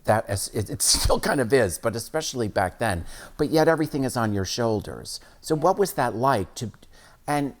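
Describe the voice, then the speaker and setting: Woman host with an extremely deep voice, chatty, laughs a lot. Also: animated, normal speed. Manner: chatty, laughs often, reads quotes aloud. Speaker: talk show host. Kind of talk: casual interview chat.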